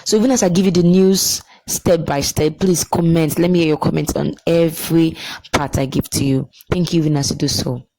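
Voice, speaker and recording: A woman's voice: low-pitched, fairly even intonation, brisk, warm tone, rough recording. A woman with a Nigerian accent giving casual, emotional news commentary, repeating herself for emphasis and slipping into pidgin.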